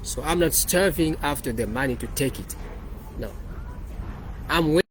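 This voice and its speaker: Man, slightly high voice, rambling code walkthrough, faint street noise. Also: expressive, moderate pace, poor audio. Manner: rambling, repeats and restarts phrases. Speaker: developer presenting his project.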